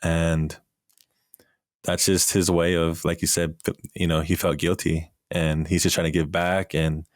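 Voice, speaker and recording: A man's voice: low-pitched, level tone, a little slow, no room sound, clean studio sound. A man co-hosting a podcast, talking through a show in a laid-back, agreeable way. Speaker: podcast co-host. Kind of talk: casual show review chat.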